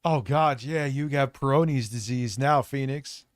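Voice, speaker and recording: A man's voice: medium pitch, measured pace, a little hiss or hum. A man hosting a live stream, commenting on a clip in a sarcastic, crude, casual way. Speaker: streamer host.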